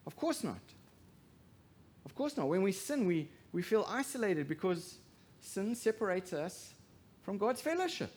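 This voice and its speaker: A pastor with a high voice preaches a sermon, moving between hushed passages and loud emphasis and putting rhetorical questions to the congregation.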